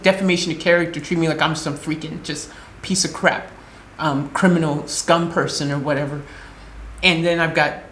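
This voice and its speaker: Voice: medium pitch, fairly bright tone. A vlogger from the United States, still shaken, tells an upsetting story in a loose, rambling way full of restarts. Now and then the voice jumps into quoted lines for the other people in the story. The room has a noticeable echo, and there is a faint hiss underneath. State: emotionally shaken. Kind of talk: emotional storytelling vlog.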